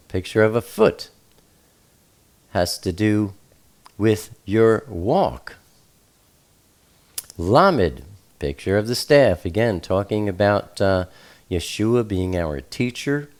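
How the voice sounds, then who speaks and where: A man teaching scripture slowly and deliberately, with frequent fillers as he spells out Hebrew letters and their meanings. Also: deep voice, darkish tone. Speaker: Bible teacher.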